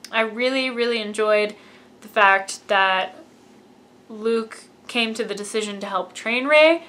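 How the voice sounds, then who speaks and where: Gushing woman reviewing a movie, bright voice. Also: medium pitch. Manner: gushing, fan-like, acts out quoted lines. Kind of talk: casual chatty film review.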